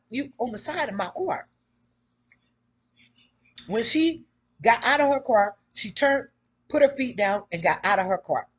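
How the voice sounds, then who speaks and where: A woman in casual commentary, retelling events in an animated, outraged way. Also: mid-range voice, slight background noise. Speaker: vlogger.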